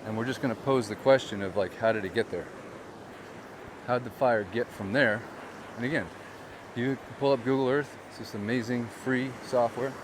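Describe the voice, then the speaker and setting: A man with a mid-range voice speaks at a moderate pace amid background noise. Filming an outdoor shoreline walk-and-talk with a gimbal-mounted handheld camera, this real estate agent and vlogger speaks directly to his viewers, blunt and frustrated.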